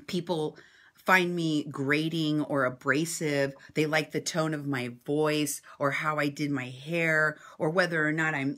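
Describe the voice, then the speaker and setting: Assertive, sarcastic woman with a bright voice. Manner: assertive and sarcastic, swings between loud and low. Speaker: independent journalist and vlogger. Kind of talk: impassioned commentary responding to viewer comments.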